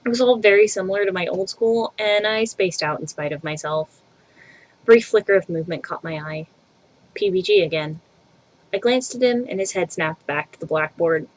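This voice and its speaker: A woman's voice: medium pitch, moderate pace. Young woman reading a game aloud. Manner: casual asides between narration. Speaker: let's play reader. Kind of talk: reading a visual novel aloud.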